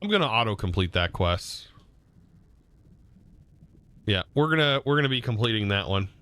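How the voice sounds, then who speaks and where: A man's voice: lowish voice, lively intonation, normal speed, a bit bright, slight background noise. A man with a Southern US accent chatting casually on a live game stream, reading chat aloud and laughing often.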